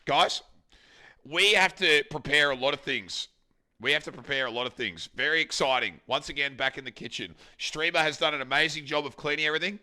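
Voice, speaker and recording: A man's voice: medium pitch, fast talker, bright, forceful tone. A young Australian man streaming in his home kitchen, chatting casually while he cooks, joking and swearing freely. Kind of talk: casual livestream chat while cooking.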